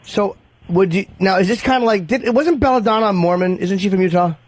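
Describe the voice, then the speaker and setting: A man's voice: high-pitched, brisk, no echo. A man co-hosting a talk radio show, joking crudely and stumbling over his words. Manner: crude joking, stammering restarts. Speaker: co-host. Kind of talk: casual radio banter.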